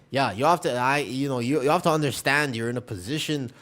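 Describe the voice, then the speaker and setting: A man streaming a game as a tank player, mixing quick callouts with rambling banter to his viewers. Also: mid-range voice, a bit bright. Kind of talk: live gameplay commentary and chat with viewers.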